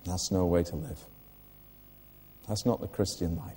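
A man's voice: low voice, unhurried, dark tone, big-room sound, slight background noise. An older man preaching a sermon in church, earnest, putting direct questions to the listeners.

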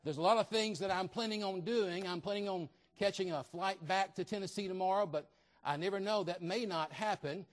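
A man's voice: sits high, brisk. A man preaching a fervent evangelical sermon as a visiting preacher, repeating key phrases as he builds his points.

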